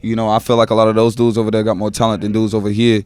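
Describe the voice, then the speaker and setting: Low, flat-voiced laid-back young man. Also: very fast, clear, resonant tone, no echo. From Los Angeles. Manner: laid-back, street slang, frequent filler tags. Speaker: rapper guest. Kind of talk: casual podcast interview.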